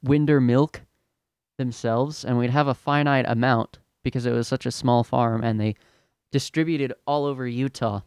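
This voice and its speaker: A man's voice: medium pitch, steady tone, moderate pace, a little mellow, smooth, no echo, clean studio sound. A young man hosting a podcast, telling a story in a profane, exasperated rant. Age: young adult. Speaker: podcast host. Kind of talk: ranting storytelling monologue.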